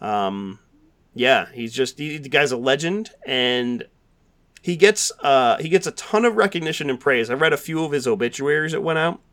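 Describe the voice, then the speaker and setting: A man's voice: mid-range voice, normal speed, a bit bright. Rambling male podcast host. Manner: rambling, filler-heavy, frequent restarts. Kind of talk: casual podcast chat.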